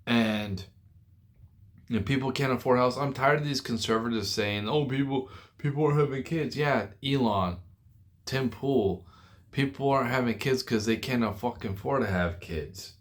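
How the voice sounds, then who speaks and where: A young man venting angrily to camera about work and money, swearing often and restarting his sentences. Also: mid-range voice. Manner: profane, frustrated, halting with restarts. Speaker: forklift driver venting online. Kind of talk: angry rant to camera.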